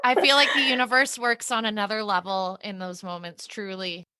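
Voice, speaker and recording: A woman's voice: medium pitch, flat delivery, a little fast, noisy background. A woman hosting a podcast, answering a guest in an empathetic, reflective way. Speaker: podcast host. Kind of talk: casual chat.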